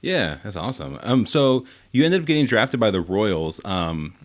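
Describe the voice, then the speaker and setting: Relaxed male podcast host. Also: lowish voice, normal speed, a little hiss or hum. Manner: relaxed, short affirming replies. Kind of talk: casual interview questions.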